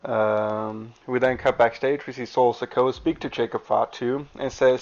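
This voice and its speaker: A man's voice: medium pitch, fairly even intonation, moderate pace. A man casually narrating a recap of a wrestling video game season, with fillers. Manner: plain reading with fillers. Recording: dull lo-fi recording.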